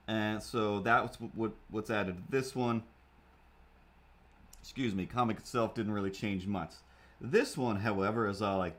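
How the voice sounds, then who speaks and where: A man's voice: fairly low pitch, moderate pace, a bit bright. A man chatting in a rambling, playful way on a live stream while he draws, now and then slipping into silly voices. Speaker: streamer drawing comics.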